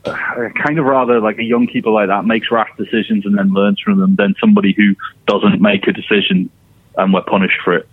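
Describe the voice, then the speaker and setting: A man's voice: fairly low pitch, expressive, a little fast, no room sound. An easygoing man chatting about football on a podcast, laughing often. His voice comes through a narrow, phone-like line with a completely dry sound. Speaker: podcast co-host. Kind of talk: casual football chat.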